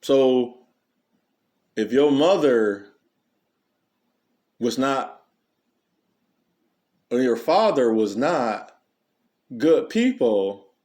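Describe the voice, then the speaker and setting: A man, delivering an unscripted monologue in a preachy way, full of rhetorical questions and animated storytelling. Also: medium pitch, drawn-out words, long pauses. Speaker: commentary channel host.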